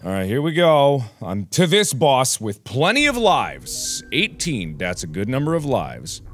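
A young man commentating his own gameplay, with a bright, tense voice that jumps around a lot in pitch. He talks slowly, cursing under his breath one moment and yelling the next. Faint game music plays behind him. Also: huge pitch swings. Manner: swearing, swings from muttering to yelling. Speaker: gaming video host. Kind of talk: frustrated let's play commentary.

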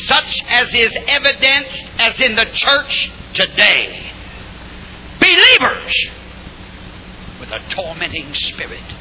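An older man preaching a revival sermon, shouting and calling on the crowd to answer back. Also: extremely high pitch, a little hiss or hum, poor audio. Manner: shouting, call-and-response exhortation.

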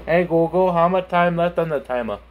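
A man's voice: on the high side, fairly quick, highs cut off, a little hiss or hum. A young man chatting casually on his vlog, speaking with a lisp from a burned tongue, laughing and swearing as he stumbles over words. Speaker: YouTuber.

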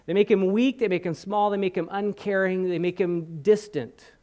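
A man preaching a sermon in church, telling a Bible story with animated acted-out quotes and questions to the congregation. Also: high voice, moderate pace. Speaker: guest preacher. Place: church hall.

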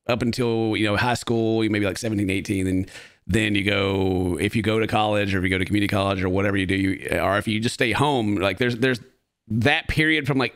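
A man's voice: lowish voice, fairly bright tone, no echo. A man hosting a casual reaction commentary, rambling and laughing with sarcastic asides into a close mic. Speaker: host.

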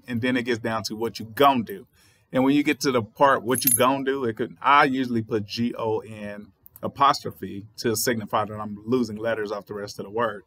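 A man with a Southern US accent talks through a poem he has just read, in a thoughtful, explanatory way. His voice sits in a middle pitch and sounds close and dry, with no room around it. He sometimes spells words out letter by letter. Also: pushed and bright, no room sound. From Southern United States. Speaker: writer and channel host. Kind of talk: poetry reading with commentary.

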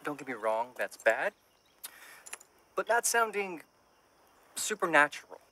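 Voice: mid-range voice, big pitch swings, unhurried, pushed and bright, exaggerated voice. An actor playing Roo, a wisecracking undead cemetery night watchman, in a horror-comedy short film. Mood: wry.

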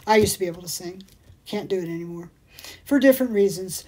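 A woman's voice: mid-range voice, fast, mellow. A woman hosting a casual livestream, chatting in a rambling, digressive way and reading out viewer comments. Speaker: jewelry shop livestream host.

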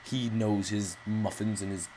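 A man's voice: lowish voice, fairly even intonation, unhurried, mellow, slight background noise, low-quality recording. A man hosting live gameplay commentary with rambling, jokey, self-mocking asides. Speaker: gaming channel host.

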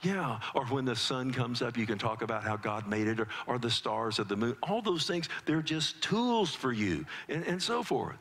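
A middle-aged man preaching a sermon as pastor, telling family stories in an animated way and often restarting his words as he talks to the congregation. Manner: animated storytelling with quick pitch jumps for quoted child voices; frequent restarts and conversational asides to the congregation. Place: church sanctuary.

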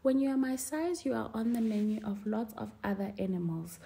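A woman's voice: fairly high pitch, fairly quick, gravelly, mellow. A woman voicing a small, cautious female field mouse in a storybook reading, sensible and earnest.

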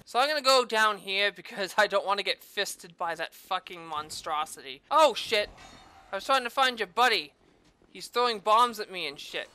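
A young woman streaming a game and commenting crudely and excitably, yelping and swearing as she plays. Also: medium pitch, normal speed. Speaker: gaming streamer. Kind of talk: profane let's-play commentary.

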